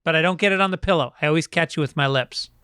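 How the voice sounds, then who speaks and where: A man's voice: on the high side, rapid-fire, bright, forceful tone, clear, resonant tone, dry recording, studio quality. A man co-hosting a podcast in casual chat, candid and rambling as he tells a story. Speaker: podcast co-host.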